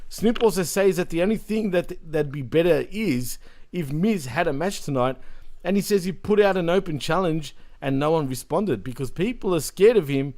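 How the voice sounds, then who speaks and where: A man's voice: fairly high pitch, a little mellow. A man co-hosting a wrestling podcast, casually recapping the show with frequent laughs and loose, run-on sentences. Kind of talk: casual chat.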